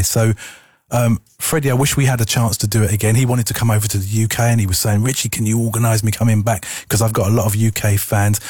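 A man's voice: on the low side, darkish tone, no room sound, studio quality. A man presenting on the radio, telling a story in a casual, rambling way with frequent ums. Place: radio studio.

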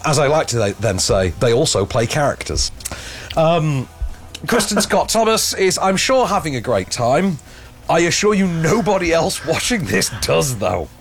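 An English man hosting a film review podcast in casual chat, sarcastic and rambling, with frequent restarts. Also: fairly high pitch. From England.

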